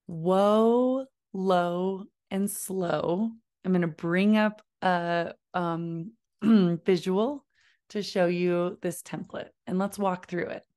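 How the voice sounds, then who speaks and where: Slow, calm woman teaching parents. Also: smooth. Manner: calm, deliberate, models slow low phrases. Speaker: parenting educator. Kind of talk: instructional talk to camera.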